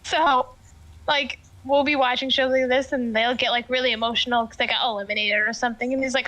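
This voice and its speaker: A woman's voice: a little high, fairly even intonation, brisk, sharp tone, low-quality recording. A woman streamer chatting casually during a tabletop game, telling stories with lots of laughter. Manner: chatty storytelling, laughs often, filler "like".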